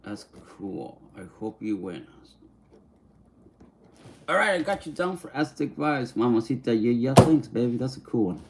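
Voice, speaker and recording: An easygoing man hosts a relaxed livestream, reading viewer comments aloud and slipping between English and Spanish. He slowly sounds out unfamiliar names. His pitch sits in a middle range, and faint noise hums behind him. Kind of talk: casual live-stream chat, reading viewer comments.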